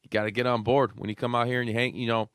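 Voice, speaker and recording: A man co-hosting a wrestling podcast in a studio, chatting casually, rambling and cursing freely, now and then breaking into loud goofy shouts. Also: mid-range voice, level tone, racing, clean tone, dry recording. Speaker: podcast co-host. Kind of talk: casual chat.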